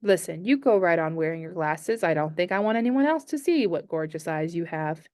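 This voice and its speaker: A woman voicing a kind teenage boy who speaks gently and reassuringly. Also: lowish voice, animated, brisk, dry recording, clean studio sound, lightly acted. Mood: gentle.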